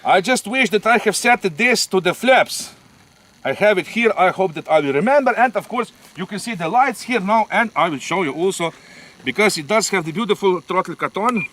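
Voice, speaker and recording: Male host, high and animated voice, chatty hands-on review, habitual "eh?" tags. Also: moderate pace, a little hiss or hum. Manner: chatty, ends phrases with a questioning "eh?". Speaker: RC model plane reviewer. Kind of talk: casual hands-on review chat.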